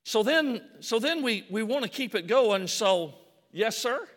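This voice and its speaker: A man's voice: sits high, lively intonation, unhurried, fairly bright tone. A man preaching a sermon in a church. He acts out scripture scenes in quoted voices and repeats words to build emphasis. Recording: long hall reverb.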